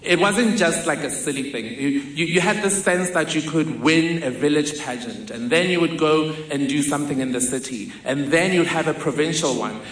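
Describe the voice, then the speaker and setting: A man's voice: a little high, normal speed, hardly any pauses, fairly bright tone. A man from telling a vivid, self-mocking personal story on stage in a large hall. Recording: echoey hall with faint noise.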